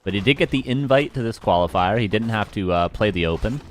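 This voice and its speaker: A man's voice: fairly low pitch, lively intonation, fast talker, slight background noise. A man with a West Coast Canadian accent casting a live strategy game match, joking with chat and laughing often between calls. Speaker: esports caster.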